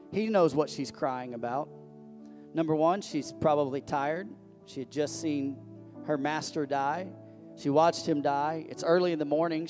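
A man's voice: on the high side, darkish tone. A man preaching a sermon as pastor, talking conversationally and breaking into sudden emphatic rises.

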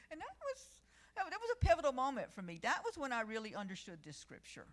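A woman's voice: high voice, huge pitch swings, quick pace. A middle-aged woman preaching a sermon, telling personal stories and reading scripture with rising emphasis.

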